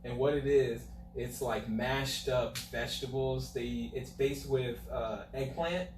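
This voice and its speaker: A man's voice: mid-range voice, fairly even intonation, slow pace. A man from Florida, a guest on a casual podcast chat, who swears freely, laughs often and tells stories with energy. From USA, Florida. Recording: echoey room, distant mic, noisy.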